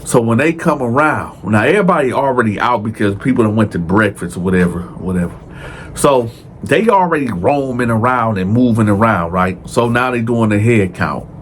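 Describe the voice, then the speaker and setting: A man telling a true prison story in casual storytime style, speaking slangy and addressing viewers directly, jumping his pitch up to act out the people he quotes. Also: moderate pace, a little hiss or hum. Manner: animated, acts out quoted dialogue with raised pitch.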